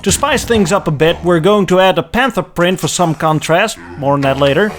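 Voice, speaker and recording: A man's voice: high voice, animated, moderate pace, faint music behind. A man narrating a car history video in a sarcastic, mocking way. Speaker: car history channel host.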